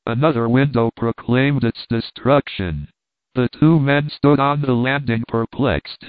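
A man narrating a classic novel aloud in a steady, measured way. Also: mid-range voice, no room sound. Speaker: audiobook narrator. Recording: tinny phone-like line, dry.

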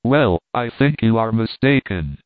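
A man voicing a calm, self-possessed older professor in a storybook reading, recorded with a dry, narrow sound. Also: fairly low pitch, unhurried, dry recording.

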